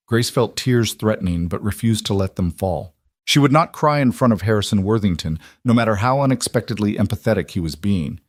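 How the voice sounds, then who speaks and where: A man reading a scripted story aloud as narrator, in an even storytelling voice. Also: lowish voice, moderate pace, dry recording, studio quality.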